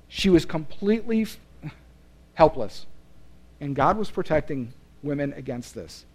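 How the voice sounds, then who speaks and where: Male pastor, sermon delivery, slightly high voice, earnest and emphatic. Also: expressive, moderate pace, warm tone. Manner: earnest, emphatic preaching with rising and falling intensity.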